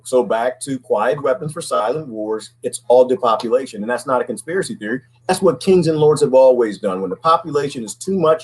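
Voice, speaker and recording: A man's voice: mid-range voice, a little mellow, poor audio. A man talking alone in a casual, preachy monologue, often asking "right?" and repeating words. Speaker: commentary host.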